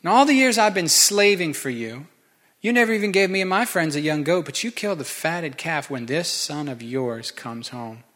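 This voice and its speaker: A man's voice: medium pitch, steady tone, slow, hardly any pauses, a bit bright, voice pushed down. A man voicing a resentful older brother in a retold story, complaining and indignant. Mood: bitter.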